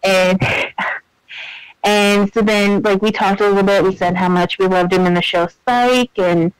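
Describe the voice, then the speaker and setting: High-voiced chatty man telling stories. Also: unhurried, clear, resonant tone, no echo, rough recording. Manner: chatty, animated storyteller, many fillers and laughs. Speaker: podcast co-host. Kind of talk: casual podcast chat.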